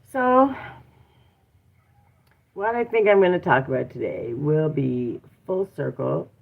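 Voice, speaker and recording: Relaxed live-stream host, woman, low voice, chatty and laughing, thin phone-quality audio. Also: slow, vocal fry, pauses often. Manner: chatty, laughs often, talks to viewers and her daughter. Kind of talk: casual live chat.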